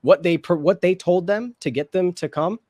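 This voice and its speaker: A man's voice: high-pitched, normal speed, a little mellow, no echo. Dry-voiced man thinking aloud. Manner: thinks aloud, hedging and restarting. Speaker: co-host of a reaction show. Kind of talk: casual discussion.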